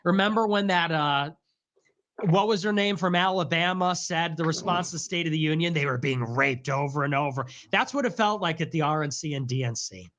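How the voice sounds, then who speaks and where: Guy with a high voice rambling and cracking jokes on a stream, laughs a lot. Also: fairly quick, a bit bright. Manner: joking, rambling, laughs often. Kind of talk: casual livestream chat.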